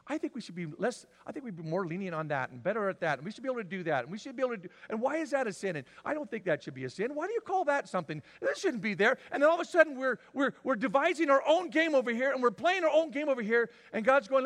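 Man, pastor, sermon, high voice, long reverb, dramatic loud-soft swings. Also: sing-song, quick pace. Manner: dramatic swings from shouting to near-whisper.

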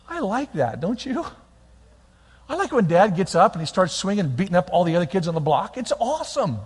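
Male pastor, sermon, high voice, big dynamic swings, long church hall reverb. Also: a little fast, breathy edge. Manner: animated, swings between loud bursts and quiet, near-whispered lines.

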